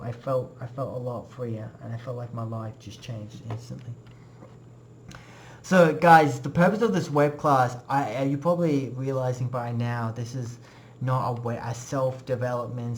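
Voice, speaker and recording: A man's voice: medium pitch, slight background noise. Earnest rambling young man. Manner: casual, rambling, earnest, many fillers. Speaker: web class presenter. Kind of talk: personal testimony talk.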